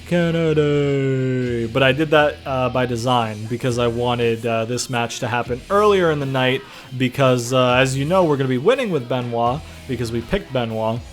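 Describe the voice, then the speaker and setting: A man's voice: medium pitch, moderate pace, hardly any pauses, soft background music. A man giving loose, profane let's-play commentary, calling listeners brother and bruh. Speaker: gaming commentator.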